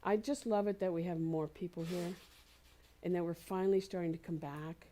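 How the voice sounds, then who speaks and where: Gentle low-voiced woman minister preaching. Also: fairly even intonation. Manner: gentle, encouraging, repeats phrases slowly for emphasis. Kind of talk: sermon. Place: spiritual community center.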